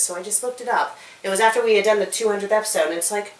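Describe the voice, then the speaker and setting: A young woman co-hosting a fanfic review show in casual, rambling chat, sometimes dropping to a conspiratorial hush. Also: medium pitch, racing. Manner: rambling, conspiratorial, snaps in exasperation. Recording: echoey room, distant mic, faint hiss.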